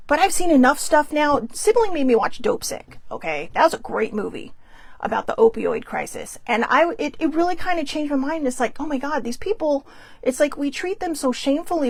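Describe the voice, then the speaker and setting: Woman, middle-aged, high gravelly voice, blunt profane storytelling, dry close sound. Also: brisk, no room sound. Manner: blunt, profane, animated retelling with quoted voices. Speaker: podcast host. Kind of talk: casual storytelling monologue.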